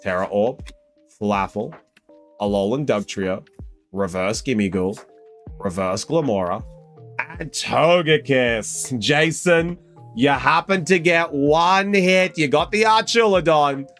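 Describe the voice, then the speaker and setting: A young Australian man hosting a casual live stream, chatty and excitable, calling viewers mate and bro and breaking into loud, high exclamations. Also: takes it slowly, faint music behind. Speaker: live stream host opening trading card packs.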